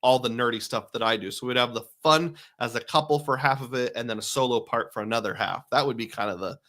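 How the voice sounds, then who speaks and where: A man's voice: mid-range voice, fast talker, bright, forceful tone. A middle-aged man from Iowa hosting a live stream, chatting casually and answering viewer questions in a rambling way.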